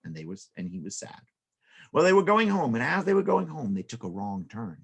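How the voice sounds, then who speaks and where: Gravelly-voiced man telling a kids' story. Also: medium pitch, brisk. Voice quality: expressive, sound effects and rhythmic repetition. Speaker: children's storyteller. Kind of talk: animated storytelling for children.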